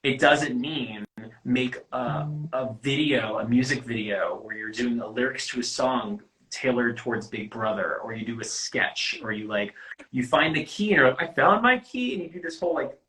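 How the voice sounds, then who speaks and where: A man with a bright, forward voice talks casually through a video call. He acts out the way applicants talk, swears freely, and keeps a loose, chatty delivery. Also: mid-range voice, normal speed, rough recording. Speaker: casting producer. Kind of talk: casual livestream chat. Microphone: phone or laptop on a video call.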